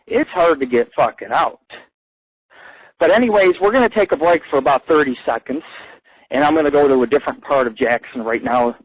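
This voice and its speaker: A man hosting his own internet radio show, telling boastful, profane stories in a rambling live monologue that climbs higher and louder when he gets excited. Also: no echo, poor audio.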